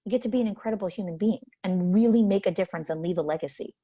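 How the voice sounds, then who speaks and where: A woman's voice: mid-range voice, racing, dark tone, husky. A woman leadership coach teaching a webinar in an emphatic way, repeating her key points. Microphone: webinar microphone.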